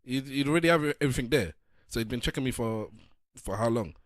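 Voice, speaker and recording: A man's voice: mid-range voice, fast, no room sound, clean studio sound. A man hosting a podcast, chatting casually and acting out voices as he tells stories. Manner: animated storytelling, acting out voices. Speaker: podcast host. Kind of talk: casual chat.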